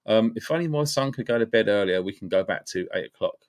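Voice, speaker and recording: A man's voice: fairly low pitch, lively intonation, quick pace. Upbeat man greeting live-stream viewers. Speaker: livestream host. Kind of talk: casual live-stream chat.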